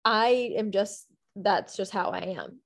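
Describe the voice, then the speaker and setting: A woman's voice: mid-range voice, slow pace. A young woman co-hosting a casual faith podcast, speaking candidly and poking fun at herself. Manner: candid, self-deprecating, quotes herself in voices. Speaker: podcast co-host.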